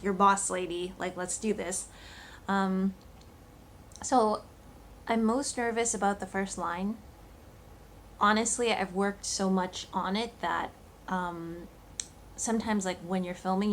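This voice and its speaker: A woman's voice: medium pitch, a little hiss or hum. A woman talking casually to camera in a vlog, thinking aloud with lots of fillers and restarts. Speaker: cooking channel host.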